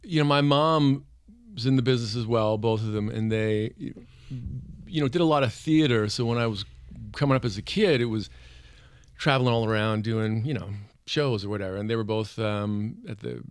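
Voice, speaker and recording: A man's voice: on the low side, moderate pace, clear, resonant tone, no room sound, studio quality. A man, a guest actor, chatting casually on a podcast, telling stories with a laugh and acting out quoted lines. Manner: laughing, animated storytelling with quoted voices.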